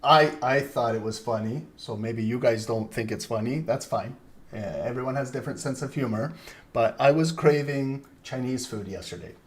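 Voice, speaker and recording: A man's voice: mid-range voice, moderate pace. Host, male, 30s: chatty live trading commentator with a mid-range voice who rambles between charts. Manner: rambling, chatty, frequent laughter.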